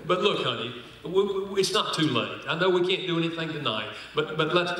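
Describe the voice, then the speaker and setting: A man's voice: on the high side, lively intonation, a little fast, few pauses, fairly bright tone. An older man speaking at a conference, teaching with stories and acting out the quoted lines, joking with the audience. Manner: storytelling, acts out quoted lines, jokes with the audience. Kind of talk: sermon-style teaching with anecdotes. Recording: roomy hall audio from a distant mic.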